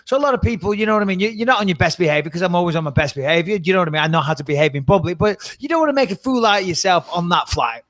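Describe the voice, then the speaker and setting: A middle-aged man on a podcast, telling a dramatic story in a lively, swearing, casual way. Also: high voice, racing, hardly any pauses, dry recording. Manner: animated, swearing, dramatic retelling. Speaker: podcast co-host.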